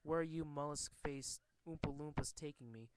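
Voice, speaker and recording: A man reading out the lines of a blustering male newspaper boss, with a flat delivery and frequent restarts. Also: on the high side, moderate pace, slight background noise, lightly acted. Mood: indignant.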